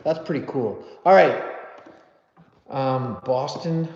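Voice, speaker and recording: A man's voice: mid-range voice, takes it slowly, darkish tone. Chatty man on a roomy live stream. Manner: chatty, reads viewer comments aloud, self-deprecating. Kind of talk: casual live stream chat. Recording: dull, roomy audio with long reverb.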